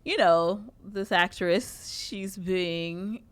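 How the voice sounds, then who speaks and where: A woman's voice: on the low side, drawn-out words. A woman co-hosting a talk radio show, telling news stories in casual chat, swearing freely and laughing as she goes. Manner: profane, laughing storyteller.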